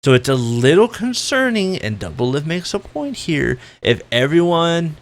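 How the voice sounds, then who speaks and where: A man ranting as a gaming commentator, with a gritty voice and a loud, blunt, profane way of talking. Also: fairly high pitch, big pitch swings, moderate pace.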